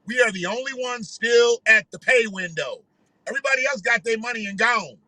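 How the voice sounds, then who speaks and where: Brief: a high-voiced male commentator, heated and profane, sharp tone. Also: a little fast, dry recording, low-quality recording. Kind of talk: ranting commentary.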